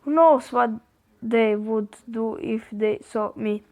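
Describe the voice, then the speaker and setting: A man with a Croatian accent reading the texts of a frightened young woman lost in dark woods, in a panicky, breathless way. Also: high voice, steady tone, slow pace. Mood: panicked.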